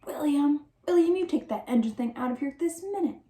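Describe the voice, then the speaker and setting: A woman voicing a stern reverend who scolds loudly in a storybook reading. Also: high-pitched, lively intonation, brisk, voice pushed up. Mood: scolding. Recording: roomy echo.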